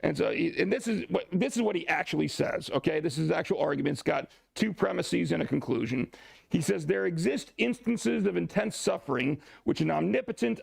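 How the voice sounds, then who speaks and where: Gravelly lively man lecturing a class. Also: on the high side, no room sound. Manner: lively and joking, asides to the class. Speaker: teacher of a church class.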